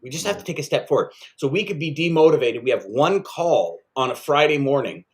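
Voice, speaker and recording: A man's voice: on the high side, animated, a little fast. A man co-hosting a casual sales podcast, talking with energy and repeating points for emphasis. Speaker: podcast co-host.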